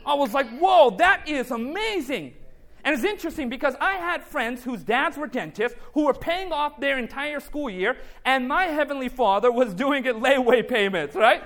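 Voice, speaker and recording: A man with an unusually high voice delivers a testimony sermon. He tells his story through back-and-forth dialogue and now and then calls out to the congregation for a response. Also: animated, moderate pace, hardly any pauses, a bit bright. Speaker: speaker giving a faith testimony.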